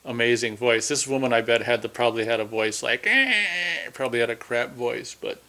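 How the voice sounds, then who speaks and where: A man's voice: medium pitch, level tone, fast, vocal fry, a bit bright. A man from Minnesota, giving rambling, chatty commentary over a movie with frequent restarts. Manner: rambling, chatty, self-interrupting. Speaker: film commentator.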